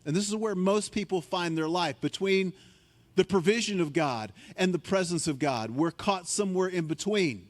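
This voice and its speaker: A man preaching a sermon as a guest speaker, telling the story with animation, acting out panicked voices in a higher tone and dropping low and quiet for key points. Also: normal speed, big-room sound.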